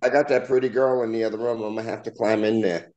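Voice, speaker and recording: A man's voice: on the low side, steady tone, fast, darkish tone, highs cut off. A brash, boastful man chatting on a call in heavy slang. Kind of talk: casual chat.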